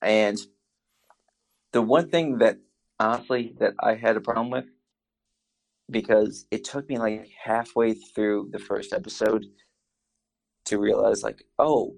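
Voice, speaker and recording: A man chatting casually, telling animated stories with quoted asides. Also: on the low side, unhurried, vocal fry, pauses often. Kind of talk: casual chat.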